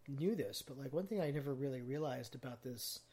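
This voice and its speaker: A man in casual conversation, rattling off movie trivia between filler words. His voice has a husky, slightly breathy texture, sitting at an ordinary middle pitch. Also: brisk, a little mellow. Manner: chatty, trivia-filled, many ums. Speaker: podcast host.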